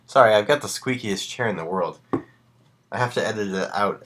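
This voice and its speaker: Deep-voiced man reading creepy stories. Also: brisk, background noise. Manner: casual asides between dramatic reading. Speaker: live-stream host reading horror stories.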